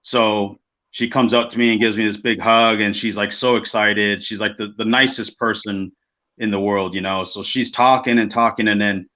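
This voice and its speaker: Man, podcast co-host, animated storyteller who swears freely, bright tone. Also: fairly low pitch, normal speed. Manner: animated, acts out quoted people, swears freely. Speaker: podcast co-host, former wrestler. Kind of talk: casual storytelling. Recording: dull lo-fi podcast audio.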